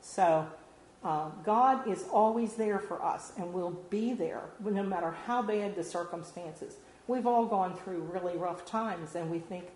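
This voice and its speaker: A woman's voice: on the low side, measured pace, a little mellow. A woman delivers an informal devotional sermon, talking in a conversational and earnest way with many fillers. Her voice carries the echo of a roomy hall. Faint noise sits underneath. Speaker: lay speaker giving a devotional.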